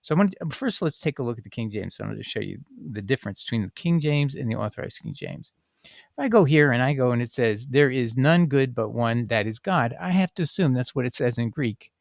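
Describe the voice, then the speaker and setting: A man of ordinary pitch talks through scripture in an unhurried, informal way, stopping for "uh" and restarting his sentences as he thinks. The sound is close and dry, with almost no room echo. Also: animated, gravelly. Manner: thinking aloud with fillers and restarts, reading passages aloud. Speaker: Bible teaching channel host. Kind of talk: casual spoken Bible commentary.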